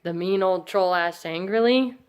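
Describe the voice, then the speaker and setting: An adult woman narrating a fairy tale in a measured, expressive read-aloud style for a home family play. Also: on the low side, slight background noise.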